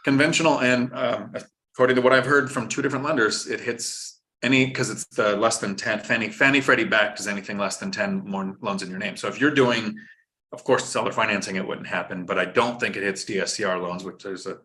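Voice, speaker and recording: Casual male stream host, low voice, explains like a teacher, drops dad jokes. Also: steady tone, fairly quick, pushed and bright. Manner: instructive, joking, reads viewer chat aloud. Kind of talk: live-stream finance chat.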